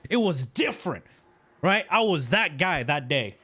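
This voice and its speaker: A man in his thirties spins a personal story for his stream chat in a loose, slangy voice, cursing freely and tossing in "right?" after nearly every point. His voice sits fairly high and rings very bright and forward. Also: measured pace, breathy edge. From Canada. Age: 30s. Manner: animated, slangy, profane, repeats "right?".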